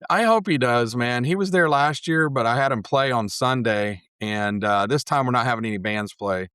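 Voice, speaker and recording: A man's voice: mid-range voice, normal speed, clean tone, dry recording, studio quality. A man, a guest on a podcast, chatting casually and telling stories with plenty of swearing. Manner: profane, animated storyteller. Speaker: podcast guest, metal museum organizer. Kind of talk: casual chat.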